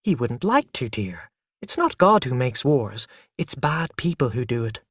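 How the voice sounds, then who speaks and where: A patient young mother, as a storybook narrator puts her on, speaks softly and in a hushed voice. The sound is dry and close. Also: mid-range voice, sing-song, unhurried, husky, dry recording. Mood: gentle.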